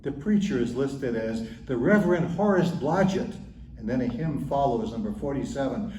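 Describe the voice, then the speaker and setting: A man's voice: mid-range voice, animated, normal speed, warm tone. A man, a pastor, telling church jokes as a chuckling storyteller. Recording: roomy, distant mic, faint hiss.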